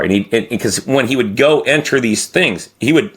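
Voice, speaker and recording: A man's voice: fairly low pitch, fairly quick, a bit bright, breathy edge. A middle-aged man telling a story to podcast hosts in a rambling, profane way, stopping and restarting often. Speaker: podcast guest. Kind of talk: casual storytelling.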